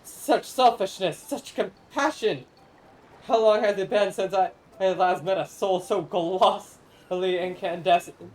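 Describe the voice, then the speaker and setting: A woman's voice: mid-range voice, unhurried, darkish tone, close to an everyday voice, low-quality recording. A woman voicing an ancient, lonely corn spirit in a game, reading its solemn, archaic lines aloud on stream. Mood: grandiose. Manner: archaic, solemn, theatrical speech.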